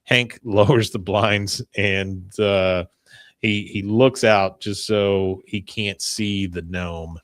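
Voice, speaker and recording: A man's voice: on the low side, steady tone, takes it slowly, fairly bright tone, dry recording, studio quality. A man co-hosting a podcast, casually retelling scenes and quoting the dialogue, with lots of fillers. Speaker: podcast co-host. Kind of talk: casual episode recap.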